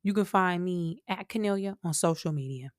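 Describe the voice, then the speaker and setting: A woman hosting a podcast and chatting through the news in a casual, animated way, with asides to her listeners. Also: on the low side, normal speed, dry recording, studio quality. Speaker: podcast host. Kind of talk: casual commentary monologue.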